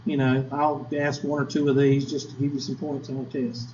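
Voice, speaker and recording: A man's voice: mid-range voice, level tone, brisk, a little mellow, slight background noise. A man teaching statistics in a classroom lecture, folksy and chatty, quizzing his students with asides. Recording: echoey lo-fi classroom recording.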